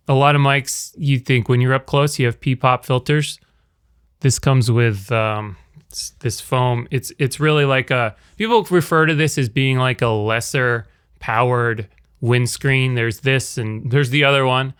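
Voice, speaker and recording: A man casually talking through a microphone review, rambling and correcting himself as he tests how it sounds up close and from further back in a quiet room. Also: mid-range voice, fairly even intonation, measured pace, clean tone. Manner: rambling, self-correcting, demonstrates by talking at different distances. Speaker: video creator reviewing a microphone. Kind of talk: casual gear demonstration. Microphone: shotgun mic on camera, near and far.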